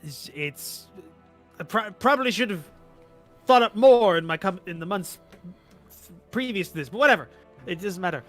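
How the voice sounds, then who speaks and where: Brief: man as a sleep-deprived traveler, frantic and stammering, slightly high, bright voice. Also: soft background music. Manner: hurried, stammering, excited.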